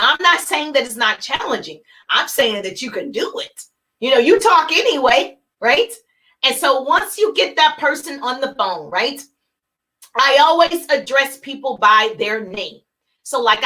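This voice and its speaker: A woman business coach gives an energetic, emphatic talk over a live stream, repeating her key points and acting out sample phone calls. Her voice is high-pitched, and the audio quality is poor.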